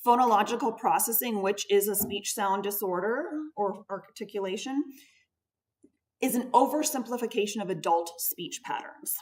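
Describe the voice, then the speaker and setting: A woman's voice: mid-range voice, moderate pace, a little mellow. A woman speech therapist giving a patient, explanatory conference presentation, stressing key words as she goes. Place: conference room. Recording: voice picked up from a distance.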